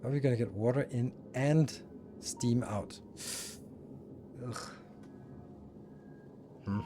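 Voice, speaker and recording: A man's voice: mid-range voice, takes it slowly, over music. A man streaming a building game, thinking aloud and muttering as he plays. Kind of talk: casual live-stream commentary.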